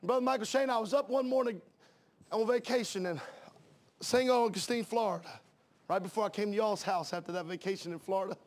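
A pastor preaching an impassioned sermon, shouting and calling out hallelujahs. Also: male voice, high voice, a little fast.

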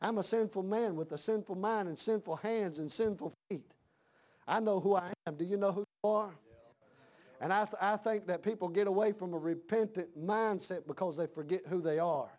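A middle-aged man preaches with full fire in a church, his voice high and resonant at an ordinary pace. Repetition and climbing shouts hammer each point of his sermon home.

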